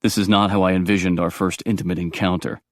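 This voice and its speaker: A man voicing a protective vampire warrior who sounds dry, gruff and exasperated. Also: low-pitched, level tone, fast, no room sound, close to an everyday voice. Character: wry, protective young male vampire warrior.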